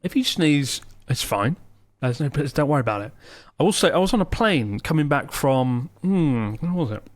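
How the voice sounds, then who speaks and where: A man's voice: fairly high pitch, moderate pace, dry recording. Chatty man on a dry podcast mic. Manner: relaxed, chatty, wry. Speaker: podcast co-host reading listener questions. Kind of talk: casual podcast chat.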